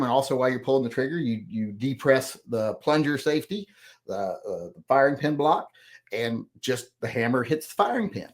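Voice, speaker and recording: Middle-aged guy rambling thru viewer comments, corrects himself a lot, plain talk. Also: medium pitch. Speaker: host. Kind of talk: casual chat reading viewer comments.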